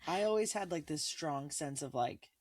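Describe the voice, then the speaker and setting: A woman co-hosting a podcast, chatting casually and telling animated stories in which she acts out what people said. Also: sits low, moderate pace, no echo, studio quality. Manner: animated storytelling, acts out quoted lines. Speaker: podcast co-host. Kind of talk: casual chat.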